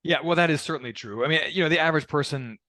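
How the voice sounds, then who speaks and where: Measured podcast host man, dry sound. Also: fairly high pitch, bright, forceful tone, no echo. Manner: measured, explanatory, with frequent "you know" fillers. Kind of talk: conversational interview.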